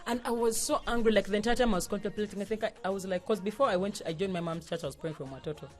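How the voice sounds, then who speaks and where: A young woman, telling a personal story on a podcast in a lively way, laughing and acting out the people she quotes. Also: medium pitch, very fast, faint music behind. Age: young adult. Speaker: podcast co-host. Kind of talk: casual storytelling chat.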